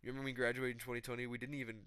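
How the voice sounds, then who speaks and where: A man doing an impression of a quiet, easygoing young fighter, speaking low and mumbled. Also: flat delivery, very fast, clean tone, dry recording, close to an everyday voice. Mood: reminiscing.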